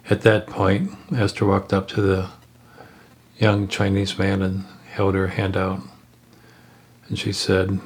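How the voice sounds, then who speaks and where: A man telling a story aloud, unscripted, in a halting way with pauses and restarts. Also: deep voice, husky. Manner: halting, with frequent fillers and restarts.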